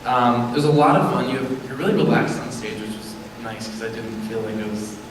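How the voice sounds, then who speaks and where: A man's voice: mid-range voice, fairly quick. A man judging a talent show, casual and rambling with a laugh, heard in a large hall. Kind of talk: judge's feedback. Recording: echoey hall from far off, loud crowd noise.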